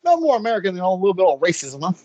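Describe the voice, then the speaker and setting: A man co-hosting a casual podcast, joking around with quick comebacks. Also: sits high, very animated, a little mellow, muffled recording. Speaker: podcast co-host.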